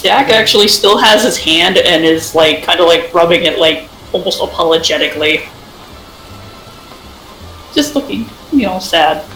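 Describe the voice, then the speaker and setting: A woman's voice: lowish voice, moderate pace, fairly bright tone. A woman playing a tabletop game, describing her character's actions with hesitant fillers. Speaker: player. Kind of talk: casual tabletop role-play. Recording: roomy sound with faint music.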